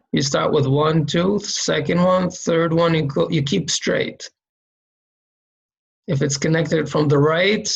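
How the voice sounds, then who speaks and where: This man's voice sits on the high side and sounds gravelly, in a lo-fi recording. He teaches a reading lesson, explaining letter shapes and sounds step by step, patiently repeating each sound to demonstrate it and asking "okay?" to check in.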